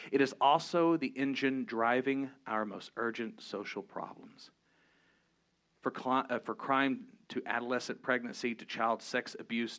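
A man preaching a sermon, earnest, switching between low emphatic points and lively storytelling. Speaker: pastor.

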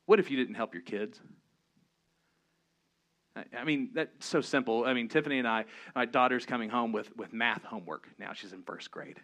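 Man, pastor, sermon, bright forceful voice, earnest, lively storytelling. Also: moderate pace. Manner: earnest, shifts between low emphatic asides and lively storytelling.

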